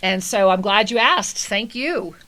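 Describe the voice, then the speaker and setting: A woman's voice: medium pitch, animated, measured pace, pushed and bright. A woman hosting a spiritual call-in radio show, giving soul readings in an effusive, endearing way. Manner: effusive, endearing, calls callers angel and honey.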